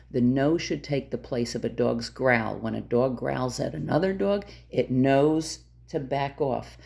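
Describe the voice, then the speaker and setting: A woman's voice: very deep voice, creaky, warm tone. A woman dog trainer giving direct, emphatic instructions to camera, repeating her key points.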